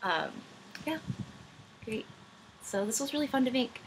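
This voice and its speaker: A woman's voice: on the high side, animated, measured pace, background noise. A young woman vlogger answering viewer questions in casual chat, rambling and self-deprecating, with many ums. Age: young adult. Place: room at home, backlit.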